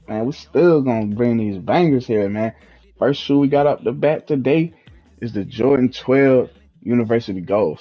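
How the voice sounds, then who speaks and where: A man's voice: mid-range voice, warm tone. A young man hosting a casual gaming walkthrough, talking in a laid-back, slangy way and trailing off while he thinks. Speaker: gaming video host. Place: at home, in his fiancée's house.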